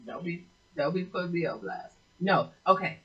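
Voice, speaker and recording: A woman's voice: on the low side, lively intonation, moderate pace, highs cut off. Woman hosting a casual interview. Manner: friendly, laughs, prompts the guest. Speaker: host.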